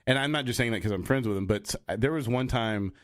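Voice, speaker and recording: A young podcast co-host chats casually, rambling with many fillers and restarts. He talks fast in a medium pitch, and the studio-quality recording has no echo.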